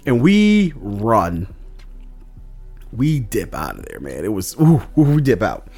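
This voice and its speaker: A man's voice: on the low side, wildly swooping pitch, takes it slowly, vocal fry, darkish tone, breathy edge, faint music behind. A man casually recapping his tabletop game session as a podcast host, rambling with lots of fillers. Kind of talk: casual chat.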